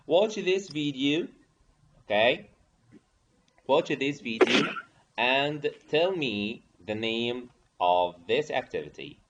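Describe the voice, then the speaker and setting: A man teaching pronunciation over a video call, slowly repeating prompts and coaxing participants to answer. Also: mid-range voice. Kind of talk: online teacher training session. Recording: dull lo-fi audio with faint hiss.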